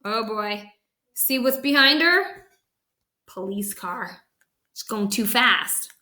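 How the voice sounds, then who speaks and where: A woman reads a picture book aloud to children and chats about the illustrations along the way. Her voice is bright and a little high. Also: lively intonation, slow pace. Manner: chatty, reacting to the pictures.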